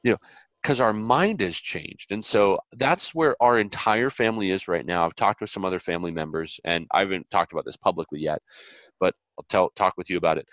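Man, interview guest, lowish pitch, dry close sound, earnest preacher-like storyteller. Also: a little fast, no echo. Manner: earnest, animated storytelling with voiced quotes; preacherly, biblical illustrations. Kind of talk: conversational interview.

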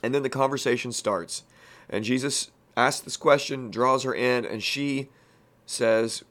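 A man's voice: medium pitch, fairly even intonation, measured pace, a bit bright. A man teaching through a Bible passage in a plain-spoken, folksy way, full of casual asides. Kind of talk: conversational Bible teaching podcast.

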